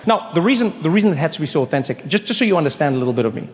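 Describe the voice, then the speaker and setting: A man from South Africa telling a stand-up comedy story, acting out voices with big jumps in pitch. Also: sing-song, racing. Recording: large hall with long reverb, faint ambience.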